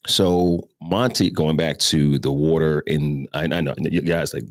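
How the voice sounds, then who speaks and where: A man's voice: extremely low pitch, fairly even intonation, unhurried, dry recording, studio quality. A middle-aged man from Brooklyn with a New York accent, rambling through profane personal stories as a morning show host, with asides to his listeners. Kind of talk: casual storytelling chat.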